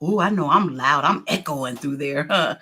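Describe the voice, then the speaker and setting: A woman's voice: deep voice, moderate pace, pushed and bright, slightly rough. A woman hosting a live stream in casual chat, greeting viewers by name and laughing often. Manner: chatty, laughs often, reads viewer names aloud.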